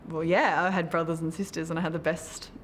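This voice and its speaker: A woman's voice: deep voice, level tone, a little fast, over music. A young Australian woman in her twenties, chatting casually in an interview, giggly and self-mocking. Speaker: interviewee, model.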